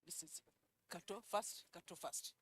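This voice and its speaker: A woman presenting at a conference, calling out attendees' names one by one and repeating each, with quiet asides in between. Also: fairly low pitch, a little slow, slight background noise. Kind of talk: roll call at a conference.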